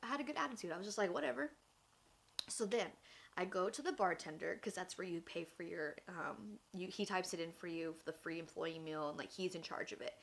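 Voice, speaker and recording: A woman's voice: on the low side, fairly quick, creaky. A young woman vlogger telling a personal story in a chatty, casual way, filling with "like" and acting out what people said. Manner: chatty, lots of "like", acts out quotes. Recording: faint background noise.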